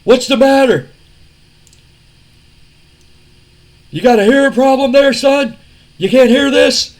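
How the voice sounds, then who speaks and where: A man putting on the voice of a brash, defiant male wrestler who taunts loudly. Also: very high-pitched, pitched above the performer's own voice. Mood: taunting. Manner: loud, taunting, drawn-out jabs.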